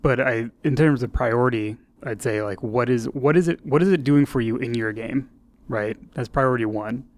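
A man's voice: mid-range voice, moderate pace. A man in casual podcast conversation about game design. He thinks aloud, circles back on his phrasing and checks in with his co-host as he goes. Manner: thinks aloud with many restarts and "like", "right?".

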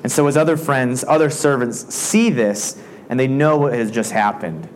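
A man's voice: mid-range voice, lively intonation, normal speed, a little hiss or hum. A man preaching a casual sermon, retelling a parable in a chatty way full of "like" fillers. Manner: conversational, frequent "like" fillers.

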